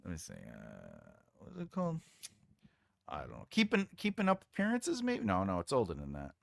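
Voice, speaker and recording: A man's voice: sits low, wildly swooping pitch, fairly quick, gravelly, no room sound. A man hosting a casual livestream and reading out viewer comments. He rambles, trails off while searching for names, and laughs often. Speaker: writing livestream host.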